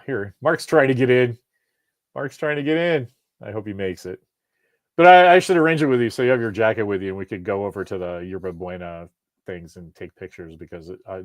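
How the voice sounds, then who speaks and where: A man's voice: low voice, dry recording, studio quality. A middle-aged man hosting a live podcast over a video call, chatting casually and rambling with lots of jokes and restarts. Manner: rambling, self-interrupting, joking. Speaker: podcast host. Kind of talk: casual live-stream chat.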